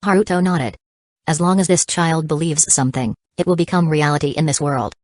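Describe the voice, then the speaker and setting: A woman narrating an audiobook in an even, steady storytelling manner. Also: sits low, fairly quick, no echo.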